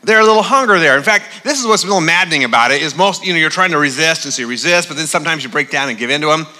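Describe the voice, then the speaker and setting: Pastor guy preaching, chatty and jokey with lots of uhs, kinda high voice, long church echo. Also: animated, very fast, sharp tone. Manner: conversational, humorous, with frequent fillers. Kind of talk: sermon. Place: large church auditorium. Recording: long reverb of a large hall.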